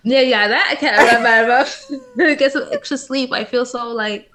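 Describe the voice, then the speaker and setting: A woman from Canada sitting in as co-host on a podcast, chatting in a relaxed, giggly, somewhat hesitant way. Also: fairly high pitch, moderate pace. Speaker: guest co-host. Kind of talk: casual podcast chat.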